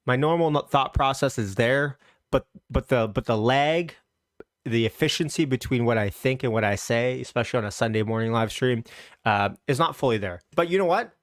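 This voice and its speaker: In clean studio sound with no room echo, a man hosts a casual stock market livestream in a mid-range voice at a moderate pace. He's upbeat and chatty, greeting viewers from the chat with loose restarts.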